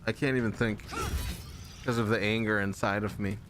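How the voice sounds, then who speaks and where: A man's voice: on the low side, steady tone, normal speed, noisy background. A young man giving casual, jokey commentary while streaming a game, mock-angry and full of silly made-up words.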